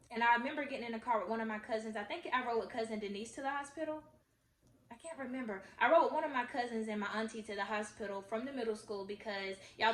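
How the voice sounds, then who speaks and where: A woman's voice: fairly high pitch, fairly bright tone. A woman in her twenties, a vlogger telling a personal story in an earnest, confiding way and talking straight to her viewers. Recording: echoey room.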